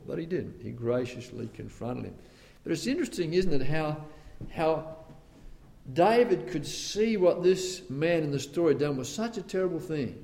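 A man's voice: fairly high pitch, animated, normal speed, gravelly. Male preacher, conversational asides, dramatic dynamics, ringing hall reverb. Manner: dramatic swings from loud outbursts to hushed tones; conversational asides between scripture quotes. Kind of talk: sermon. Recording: long reverb of a large hall.

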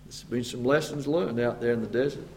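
A man's voice: mid-range voice, brisk, a little hiss or hum. A man preaching a sermon, acting out the voices of Moses and God with stammers and asides. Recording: long hall reverb.

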